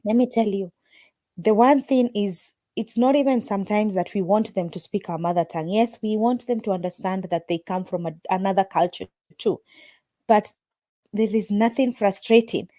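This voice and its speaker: A woman's voice: mid-range voice, normal speed, dry recording. A woman hosting a casual group call, talking emphatically and telling stories with lots of feeling. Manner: emphatic, animated storytelling.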